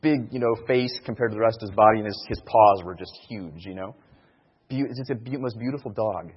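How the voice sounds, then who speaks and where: A man's voice: fairly low pitch, fairly quick, husky. A man giving an informal sermon talk on sharing faith, earnest and repeating his key phrases for emphasis. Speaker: speaker teaching evangelism. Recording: dull sound in a reverberant hall.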